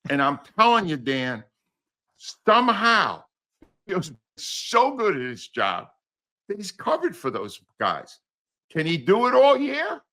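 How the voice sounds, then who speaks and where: An older man, a sports commentator, ranting sarcastically about coaching in a loud, exasperated way. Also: sits high, huge pitch swings, takes it slowly. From United States. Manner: sarcastic, exasperated, wildly swinging emphasis. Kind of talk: animated radio-style rant.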